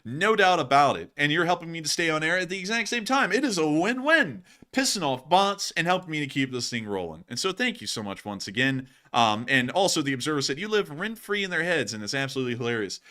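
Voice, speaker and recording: A male livestream host with a somewhat high, bright, forceful voice. He talks casually, using lots of fillers, and his pitch rises and falls animatedly as he jokes and thanks viewers for their donations. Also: animated, fast talker, hardly any pauses.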